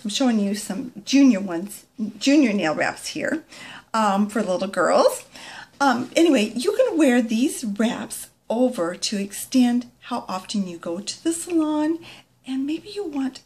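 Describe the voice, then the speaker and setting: A middle-aged woman talks through a product demo in a chatty, friendly way. Her voice sits a little high and swings widely in pitch, and she often slips into soft, near-whispered asides. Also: very animated, a little slow. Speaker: nail product consultant.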